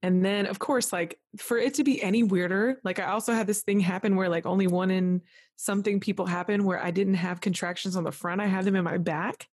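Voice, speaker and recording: A woman guest on a podcast telling an emotional personal story in a lively, rambling way, full of "like", acting out what others said. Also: medium pitch, a little fast, husky, dry recording, studio quality. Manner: animated, full of "like", acts out quoted voices. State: tearful at moments.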